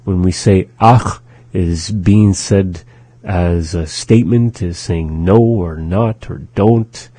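Slow low-voiced man teaching phrases. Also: steady tone, warm tone, breathy edge, dry recording. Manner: slow, careful pronunciation drills. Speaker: language teacher and show host. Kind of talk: radio language lesson.

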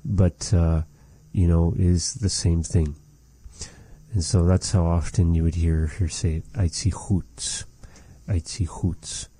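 Low dark-voiced guy teaching a language slow and patient, dry close sound. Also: level tone, no echo. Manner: slow, patient, repeats phrases for practice. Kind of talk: language lesson conversation.

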